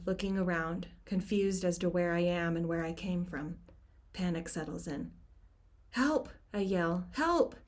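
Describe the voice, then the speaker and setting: Low, flat-voiced woman reading her novel. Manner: quiet, drops into hushed near-whispers in tense passages. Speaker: author. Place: home cabin.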